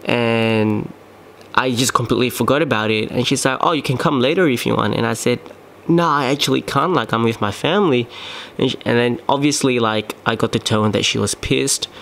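A man's voice: medium pitch, vocal fry, a bit bright. Young man rambling casually. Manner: rambling, many fillers and restarts. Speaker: podcast host. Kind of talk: casual solo storytelling. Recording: faint background noise.

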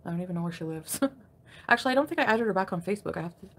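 A woman livestreaming from home, venting in an angry, crabby, profane rant that jumps between grumbling and sharp loud outbursts. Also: fairly low pitch, animated, rapid-fire, husky. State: crabby and irritated. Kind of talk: ranting live stream chat.

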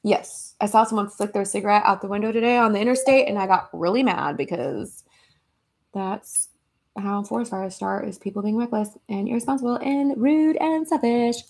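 A woman's voice: medium pitch, moderate pace, a little mellow. A young American woman chatting casually on a livestream at home, reading out viewer comments and giggling between replies. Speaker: livestream host. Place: her home in Los Angeles.

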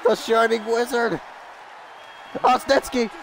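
A man streaming a wrestling video game live, shouting and swearing excitedly at the action while losing his voice. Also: very high-pitched, slow, vocal fry, a faint crowd, slight background noise, low-quality recording. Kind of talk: excited live gameplay commentary.

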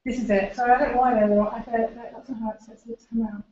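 A woman's voice: a little high, steady tone, fast talker, warm tone. A woman giving an informal seminar talk, explaining and pointing at pictures as she goes, in a lecture room. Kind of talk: informal academic presentation with slides. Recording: roomy, dull lecture recording.

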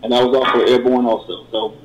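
A middle-aged man calling in to a radio show, giving an earnest, halting testimony with many repeated words. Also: medium pitch, little pitch movement. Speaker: caller. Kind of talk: call-in testimony. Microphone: phone call. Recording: roomy call-in line.

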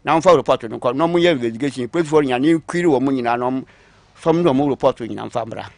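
A man recounting his own long story on a talk show, acting out what others said to him, moving between quiet asides and louder bursts. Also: mid-range voice, quick pace, gravelly, dry recording. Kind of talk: call-in story telling.

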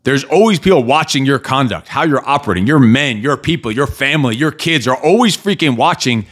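A man's voice: medium pitch, expressive, fairly quick, fairly bright tone, husky. A man hosting his own podcast, talking in a blunt, motivational way with casual swearing. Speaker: podcast host. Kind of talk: casual solo podcast monologue.

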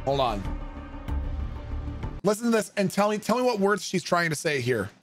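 High voiced guy streamer yapping to chat, swears a lot, faint music behind. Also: moderate pace. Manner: excitable, swearing, laughing often. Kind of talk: casual chat with stream viewers.

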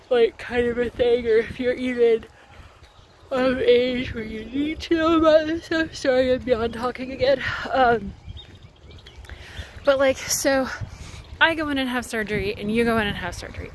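A woman with a fairly high voice chats into her phone as she walks outdoors. She rambles in a casual way, grows heated, and leans on filler words. A faint outdoor hum runs behind her voice. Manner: chatty, rambling, heated, lots of "like". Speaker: vlogger. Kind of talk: casual vlog chat while walking. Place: outdoors, walking.

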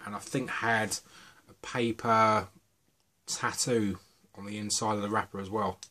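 A man's voice: on the low side, unhurried. A middle-aged man from the UK, chatting casually and rambling a little as he reviews vape juices. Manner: chatty, relaxed, rambling asides.

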